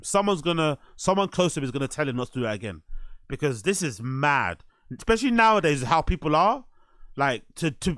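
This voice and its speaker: A man's voice: a little high, a bit bright, dry recording. A man hosting a stream, reacting to a podcast clip with incredulous, mocking, profane commentary. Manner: incredulous, mocking, swears a lot.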